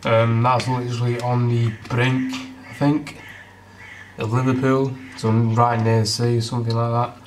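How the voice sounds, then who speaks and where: A man's voice: medium pitch, flat delivery, moderate pace. A young man chatting casually in a home vlog, eating as he talks, sounding congested from a cold. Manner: chatty, rambling, eats while talking. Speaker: fitness vlogger. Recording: distant camera mic, noisy room.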